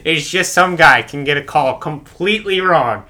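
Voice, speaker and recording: A young man hosting a casual podcast chat who talks in an animated way and often breaks into loud umpire impressions. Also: fairly high pitch, normal speed. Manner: animated, loudly mimics umpires. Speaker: podcast host.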